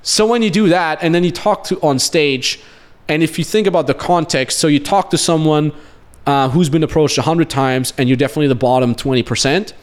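Man, late 20s, podcast host, slightly high voice, casual storytelling, swears a lot, self-mocking. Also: a little fast. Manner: rambling, profane, self-mocking. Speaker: podcast host and business coach.

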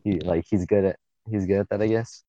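A man's voice: fairly low pitch, fairly even intonation, a little fast, dark tone, dull audio, a little hiss or hum. A young man in his late teens, co-hosting a podcast, telling an emotional story in a rambling, swearing way full of filler words. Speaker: podcast co-host. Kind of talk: casual storytelling chat.

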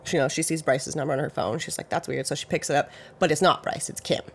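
Here the casual true-crime host talks fast in a steady tone, the mid-pitched voice a bit creaky and slightly bright. The delivery wanders loosely, sprinkled with "you know" and "like," and details are qualified with "I believe" and "I think."

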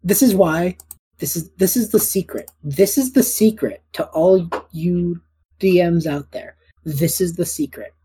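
Husky, mellow-voiced woman chatting. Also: on the low side, rough recording. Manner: laughing, joking, rambling. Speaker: podcast co-host reading listener questions. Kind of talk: casual chat.

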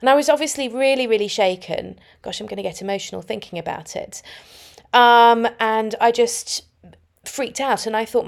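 A woman's voice: a little high, moderate pace, vocal fry. A woman hosting her own podcast, telling personal stories in a reflective, anecdotal way from home. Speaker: podcast host. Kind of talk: solo podcast talk.

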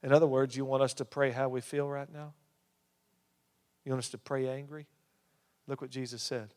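A male pastor preaching a sermon, with emphatic rises and hushed drops. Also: medium pitch, level tone, normal speed. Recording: long hall reverb.

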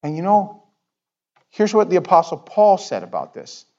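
Conversational pastor with wild volume swings. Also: male voice, high voice, sing-song, normal speed, lo-fi sound. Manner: conversational, swings from loud outbursts to near-whispers. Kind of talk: sermon.

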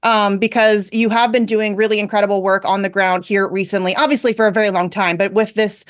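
A woman's voice: medium pitch, level tone, fairly quick. A woman hosting a talk radio show, chatty and upbeat as she introduces guests and reacts. She talks in a mid-range voice and leans on easy fillers between thoughts.

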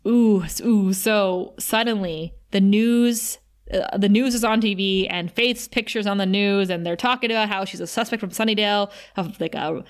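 A woman co-hosting a podcast, recapping an episode in casual chat with animated, giggly asides. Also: mid-range voice, moderate pace. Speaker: podcast co-host.

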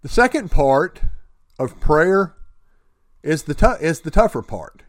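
A man's voice: fairly high pitch, sing-song, takes it slowly, no echo. Earnest man telling a faith story. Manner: earnest, repeats words and restarts often. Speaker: speaker sharing faith and recovery. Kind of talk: motivational talk with storytelling.

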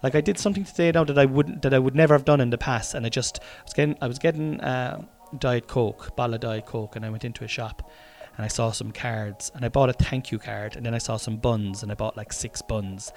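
This Irish podcast host speaks a bit quickly at medium pitch, with faint music playing behind him. His delivery is rambling and worn out, a loose diary-style chat full of swearing and sentences he starts over.

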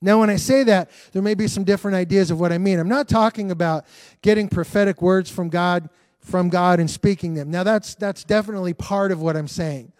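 In a dry recording, a man with a high-pitched, brisk and slightly mellow voice preaches an earnest sermon as pastor over a livestream. He repeats phrases and keeps restarting his sentences.

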